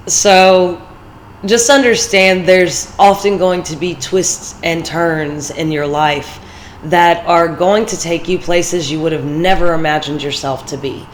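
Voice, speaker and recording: A woman vlogger with a congested, fairly low voice gives a casual motivational talk, rambling and personal, with fillers between her thoughts. The recording is low quality with slight background noise.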